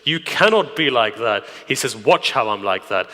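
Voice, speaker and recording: Man, preacher, sermon storytelling, hushed whispers to loud emphasis, tense bright tone, long reverb. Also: mid-range voice, expressive, moderate pace. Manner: dramatic, drops to hushed whispers then rises to loud emphasis.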